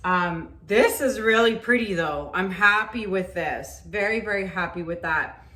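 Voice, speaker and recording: Slow-talking woman narrating her painting. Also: medium pitch, pushed and bright. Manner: self-talk, frustrated and chatty, trailing off. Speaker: acrylic pour painting vlogger. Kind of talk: casual talk while painting. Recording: roomy echo, faint ambient noise.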